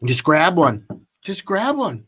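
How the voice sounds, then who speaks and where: A man's voice: fairly high pitch, very animated, takes it slowly, noisy background. A man co-hosting a podcast, telling a long story in casual chat with lots of restarts and fillers. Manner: rambling, many restarts and fillers. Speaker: podcast co-host.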